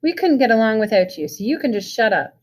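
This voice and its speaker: A woman voicing a tough, loyal teenage greaser who jokes and scolds in a gruff way. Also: a little high, animated, fast talker, natural voice.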